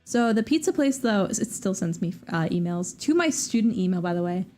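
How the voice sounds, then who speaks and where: Young woman streamer yapping away, rambly and kinda sarcastic, normal pitch, faint music in the back. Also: animated, a little fast, warm tone. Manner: chatty, rambling, sarcastic asides. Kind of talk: casual chat.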